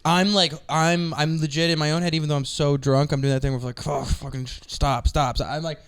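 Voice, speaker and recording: A man on a podcast tells a story with lively energy, swearing freely and breaking into laughter mid-sentence. His voice sits fairly high for a man. It is casual, loose comedic storytelling between friends. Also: fast talker, smooth. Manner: animated, swearing, laughing through his words. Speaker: comedian guest.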